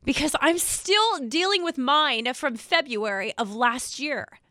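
A woman's voice: high-pitched, lively intonation, sharp tone, dry recording. Emotional woman speaking earnestly, dry sound. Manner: earnest, halting, repeating herself. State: emotional, near tears. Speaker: state trooper spokesperson. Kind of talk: emotional direct-to-camera talk.

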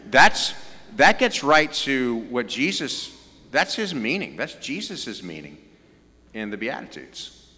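Southern pastor preaching in a reverberant hall. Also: male voice, medium pitch, big pitch swings, takes it slowly, sharp tone, slightly rough. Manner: conversational, joking asides. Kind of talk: sermon.

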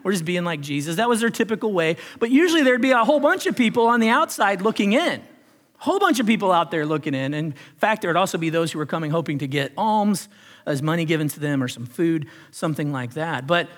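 A male pastor preaching a sermon, earnest, rising on key phrases and dropping softly for emphasis. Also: high-pitched, sing-song, a little fast. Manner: earnest preaching, swells then drops to soft emphasis.

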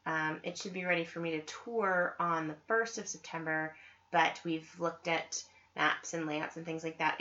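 Woman rambling on her knitting podcast, lowish voice, kinda dull lo-fi sound. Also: pushed and bright. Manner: chatty, enthusiastic, many ums and asides. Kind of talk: casual podcast chat. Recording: slightly dull lo-fi audio.

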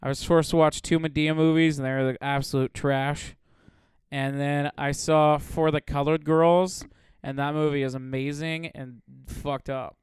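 A man co-hosting a casual podcast, an animated storyteller who laughs a lot and acts out loud quoted voices. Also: a little high, moderate pace, clear, resonant tone, no room sound, clean studio sound. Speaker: podcast co-host.

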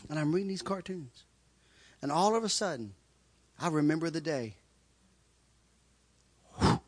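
Animated man with a lively high voice. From Kentucky. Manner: repeats phrases for emphasis, chuckles through the telling. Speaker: guest sharing his testimony. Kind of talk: animated personal testimony storytelling.

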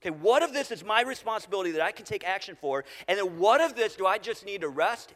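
A middle-aged man preaching a sermon as pastor, conversational with halting restarts, dropping to quiet repeated phrases. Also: high voice, expressive. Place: church sanctuary. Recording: long reverb of a large hall.

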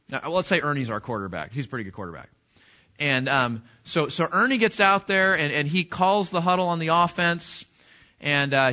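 A man's voice: fairly high pitch, bright, forceful tone, highs cut off. A man preaching a sermon as pastor, talking to the congregation in a conversational way and asking rhetorical questions.

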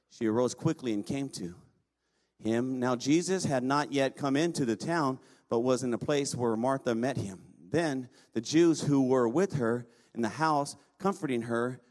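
A pastor preaching a sermon, reading scripture aloud and urging the congregation to respond. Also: male voice, mid-range voice, darkish tone.

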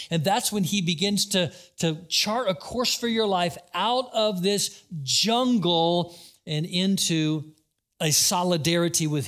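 A pastor with a somewhat high voice preaches a sermon animatedly, acting out quotes and calling out questions to the congregation.

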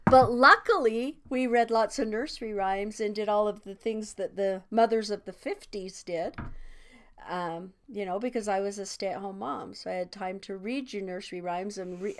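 A woman's voice: medium pitch, normal speed. A woman in her sixties, a kindergarten teacher, chatting casually and laughing often between thoughts. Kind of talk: casual conversation.

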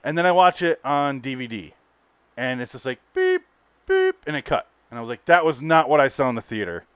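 A man's voice: medium pitch, fast, smooth, no room sound. A man co-hosting a podcast, chatting casually about movies, swearing often and telling stories with laughs. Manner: animated, swearing, laughing storyteller. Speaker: podcast co-host.

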